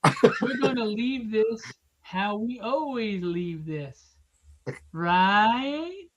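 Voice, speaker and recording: A man's voice: high voice, animated, very slow, muffled recording. A man hosting a live drawing stream, chatting casually and rambling through jokes and plugs. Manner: joking, rambling, teasing.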